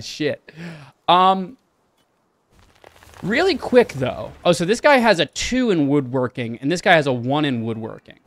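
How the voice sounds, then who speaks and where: A man's voice: on the high side, sing-song, normal speed, no echo. Casual young man streaming a game. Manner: chatty, swears often, talks to chat. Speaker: livestreamer. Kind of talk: casual live game commentary.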